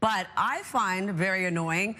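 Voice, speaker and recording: A woman presenting a TV weather forecast briskly and chatting on the morning show. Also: mid-range voice, sharp tone. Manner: brisk, reads the forecast evenly. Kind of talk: weather forecast and casual chat.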